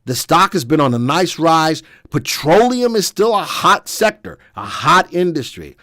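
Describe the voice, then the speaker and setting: A man hosting a live stock analysis webcast, walking viewers through charts with energetic, folksy commentary. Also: on the high side, unhurried, no room sound, studio quality. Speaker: stock market analysis host.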